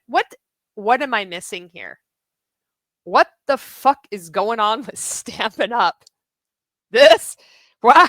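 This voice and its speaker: A woman hosting a commentary video, voice a little high and sounding dry and close. She talks in a sarcastic, exasperated way. Her lines are full of disbelief and scoffing laughs. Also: a bit bright, no echo.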